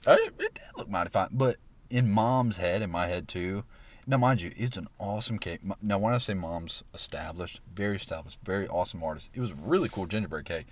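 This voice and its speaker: A man's voice: low-pitched, brisk. A man, animatedly telling a story in casual podcast chat, laughing often. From Alabama. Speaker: podcast guest.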